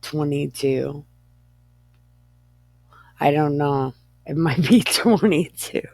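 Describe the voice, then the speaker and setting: A woman reads scripture aloud at a very slow pace, breaking into giggles and tripping over words. Her reading is irreverent and joking. The sound is dry and close. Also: low-pitched, a little mellow, dry recording. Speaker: Bible reader. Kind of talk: irreverent comedic Bible reading.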